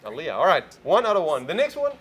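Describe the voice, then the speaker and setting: A man's voice: fairly high pitch, huge pitch swings, fast talker, a bit bright, breathy edge. A man hosting a morning show in casual chat, playfully quizzing his co-host.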